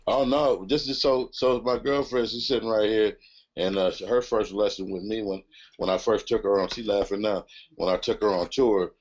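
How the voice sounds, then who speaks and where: An older man, a comedian guest, telling profane stories in casual podcast chat, laughing often and jumping into animated impressions. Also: lowish voice, normal speed. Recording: dull lo-fi audio.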